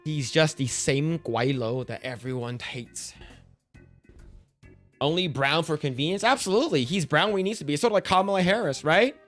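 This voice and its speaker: A man's voice: a little high, normal speed, fairly bright tone, soft background music. A man streaming casual reaction commentary, ranting bluntly and profanely with frequent restarts.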